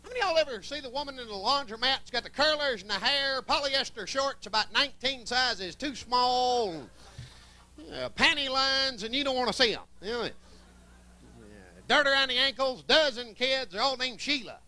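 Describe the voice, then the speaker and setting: Southern male stand-up comic, folksy and wisecracking, high bright voice. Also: expressive, moderate pace. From Columbus, Georgia, US. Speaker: stand-up comedian. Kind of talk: stand-up comedy set. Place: comedy club stage.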